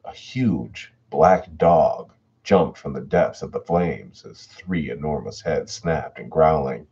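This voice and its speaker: A man's voice: a bass voice, slow, breathy edge. A man hosting a livestream who reads horror stories aloud and chats casually with his viewers, answering their messages. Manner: relaxed and chatty, reads chat messages aloud. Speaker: horror story narrator and livestream host. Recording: dull lo-fi home audio.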